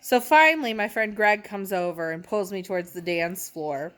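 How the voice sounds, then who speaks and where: A woman's voice: mid-range voice, moderate pace, fairly bright tone, faint music behind. Young woman, comic storyteller, brash, profane, laughing between lines. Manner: brash, profane, self-mocking; laughs as she talks. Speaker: comedic storyteller. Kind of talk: casual storytelling.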